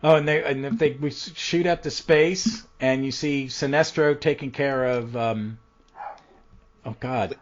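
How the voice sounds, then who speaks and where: Male podcast host, casual rambling recap, mid pitch, muffled lo-fi audio. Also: fairly even intonation, measured pace. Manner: rambling recap with frequent ums and restarts. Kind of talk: casual comic book podcast chat. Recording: dull lo-fi audio.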